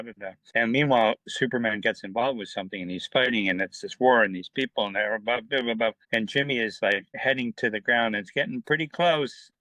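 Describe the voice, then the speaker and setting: A man's voice: lowish voice, dry recording, rough recording. A middle-aged man, a comic book writer, telling stories in a casual interview, acting out quoted dialogue with lots of fillers. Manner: animated, acts out quoted dialogue, many fillers.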